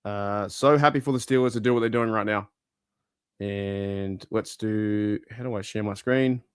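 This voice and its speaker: A man from Australia hosting a fan live stream, talking in a chatty, excitable way and swearing now and then. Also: fairly low pitch, measured pace, clean tone, dry recording, studio quality. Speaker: fan channel host. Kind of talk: casual live-stream chat.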